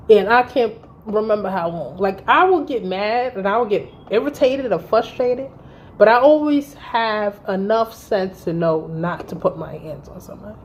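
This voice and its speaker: A woman's voice: fairly high pitch, a little hiss or hum. A woman in her thirties telling a heated personal story in a vlog, blunt and swearing freely. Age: 30s. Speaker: vlogger.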